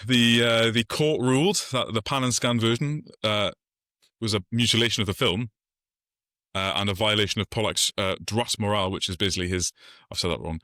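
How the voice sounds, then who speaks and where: A man's voice: sits low, sharp tone, no room sound, clean studio sound. A man co-hosting a podcast, sharing film trivia in an easygoing way with hesitant fillers. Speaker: podcast co-host. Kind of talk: casual chat.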